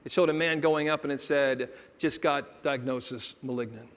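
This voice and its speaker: A man giving a motivational keynote, telling stories and acting out dialogue, dropping to a hush and then rising loud. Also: mid-range voice, fairly even intonation, moderate pace. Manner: dramatic shifts between hushed and loud, acting out dialogue. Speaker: motivational speaker. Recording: long hall reverb.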